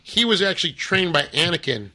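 Male co-host, casual and jokey, rambling; bright, fairly high voice. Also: very animated, fairly quick. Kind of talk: casual chat.

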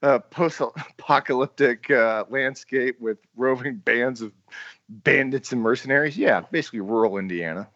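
A man's voice: medium pitch, moderate pace, fairly bright tone, no room sound. Brief: dry-witted contrarian male co-host, close and dull-sounding. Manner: sarcastic, contrarian, joking. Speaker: podcast co-host. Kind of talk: casual movie-review chat.

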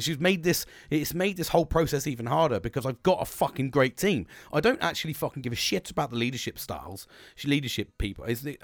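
A man's voice: mid-range voice, no echo, clean studio sound. A middle-aged man, ranting in a sweary, rambling monologue with bursts of laughter. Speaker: podcast host.

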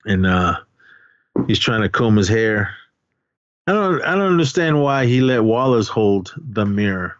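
A man's voice: on the low side, no echo, highs cut off. Rambling man recapping a movie. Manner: rambling retelling with acted-out quotes and filler words. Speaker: podcast co-host. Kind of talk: casual movie recap chat.

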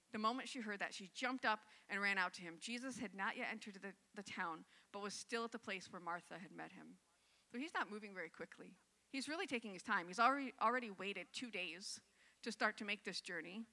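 A woman's voice: mid-range voice, sharp tone, long reverb tail. A woman pastor giving a sermon, reading scripture aloud and then reflecting on it in a conversational way.

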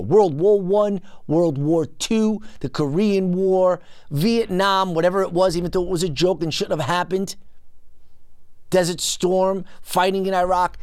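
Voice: a little mellow, no room sound, clean studio sound. Indignant, emphatic political commentary host. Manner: indignant, emphatic ranting with big pitch swings. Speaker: podcast host.

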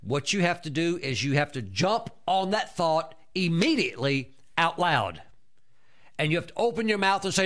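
A male pastor delivering a fervent sermon, his voice swinging widely between low, measured stretches and high, urgent bursts. He speaks with emphatic, animated conviction and punctuates points with repeated exclamations. His tone sits slightly higher than most men's.

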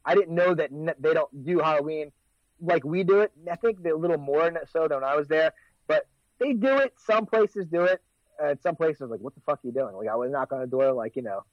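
A slightly high-voiced American man in his forties chats loosely, wandering through his stories with fillers and restarts. His voice comes through a dull, lo-fi recording that sounds very dry. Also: dry recording. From United States. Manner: rambling, many fillers and restarts. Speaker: podcast co-host. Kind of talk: casual chat.

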